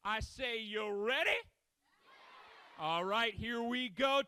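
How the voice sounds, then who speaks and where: Hype man with a very high voice, dry close sound, energetic crowd warm-up host. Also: normal speed, long pauses, no echo. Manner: energetic, shouting commands to a crowd.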